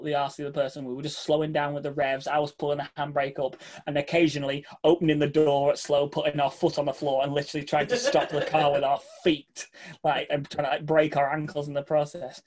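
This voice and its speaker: A man telling a casual, animated travel anecdote, swearing freely and mimicking the people he met. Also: fairly high pitch. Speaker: guest telling a travel story.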